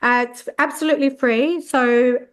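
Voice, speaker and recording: A woman, hosting a podcast interview, effusive and quick to affirm her guest. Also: high-pitched, steady tone, clean tone. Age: 50s. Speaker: podcast host. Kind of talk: interview conversation.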